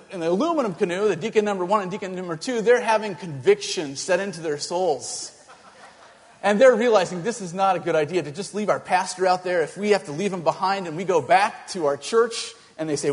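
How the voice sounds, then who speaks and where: High-voiced pastor telling a story. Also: male voice, long reverb tail. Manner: animated, halting storytelling with many restarts. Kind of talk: storytelling sermon.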